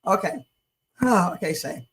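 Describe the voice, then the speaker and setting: A woman's voice: lowish voice, lively intonation, measured pace, a little hiss or hum. A woman hosting a livestream and reacting to viral videos in casual, slangy, profane chat, laughing often. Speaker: livestream host. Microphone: streaming setup.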